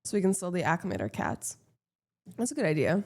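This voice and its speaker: A woman's voice: lowish voice, big pitch swings, a little fast, a little mellow. A woman streamer chatting casually with her viewers, blunt and playful, swearing freely.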